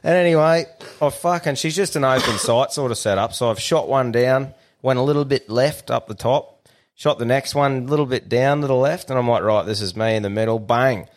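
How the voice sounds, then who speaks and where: Swearing Australian bloke telling yarns. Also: male voice, mid-range voice, normal speed. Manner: swears a lot, rambling anecdotes. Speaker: podcast co-host. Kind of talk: casual chat, storytelling.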